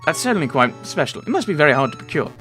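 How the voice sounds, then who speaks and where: A man's voice: fairly high pitch, sing-song, rapid-fire, sharp tone, faint music behind, pitched above the performer's own voice. A man voicing a polite young male lawyer who speaks formally and courteously. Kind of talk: voicing game characters in a let's play.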